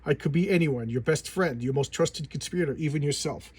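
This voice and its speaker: A man voicing a cold, threatening ghostly male judge who rules a city, in a slightly husky voice. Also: on the high side, fairly quick. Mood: menacing.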